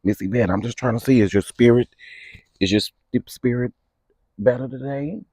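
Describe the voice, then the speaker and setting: A man's voice: mid-range voice, normal speed, mellow, husky, no room sound. A man hosting a casual morning livestream outdoors, greeting viewers by name in a playful, chatty, sing-song way. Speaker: livestream host.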